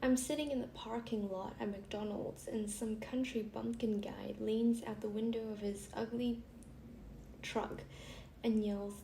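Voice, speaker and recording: A woman's voice: a little high, steady tone, measured pace, gravelly, mellow. A young woman vlogger casually reading funny stories aloud, chatty and giggly, often breaking off to laugh. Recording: echoey room with faint hiss.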